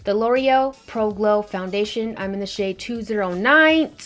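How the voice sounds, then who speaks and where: A woman's voice: medium pitch, normal speed, a bit bright. A woman beauty vlogger talking in a sassy, slangy, chatty way. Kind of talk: casual beauty vlog.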